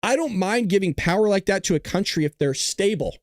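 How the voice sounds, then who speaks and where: A male host of a live talk show reads headlines and mocks them. His voice sits high for a man, and the sound is dry and close with no room around it. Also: expressive, a little fast, no room sound. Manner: sarcastic, mocking, reads news aloud.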